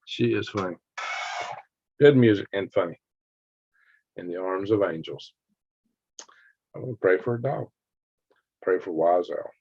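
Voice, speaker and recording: This is an older man, telling rambling stories on his own live stream and tossing in sound effects and little chuckles. His voice sits fairly low. The sound is dry and slightly muffled, like lo-fi home stream audio. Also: a little slow, vocal fry, pauses often, darkish tone, slightly rough, no room sound. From Alabama, US. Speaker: livestream host. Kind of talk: casual live-stream chat with viewers.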